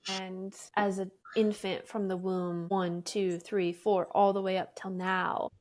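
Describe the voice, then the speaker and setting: A woman's voice: medium pitch, level tone, unhurried, a little mellow. A woman guest on a podcast, a spiritual energy coach explaining her ideas in a reflective, teacher-like way. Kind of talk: conversational interview.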